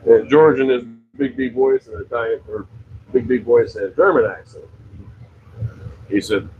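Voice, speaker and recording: A man's voice: mid-range voice, moderate pace, a little hiss or hum, rough recording. A middle-aged man from western Pennsylvania telling a long, rambling story about his pizza shop, with many fillers and self-corrections. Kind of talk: casual storytelling on a livestream.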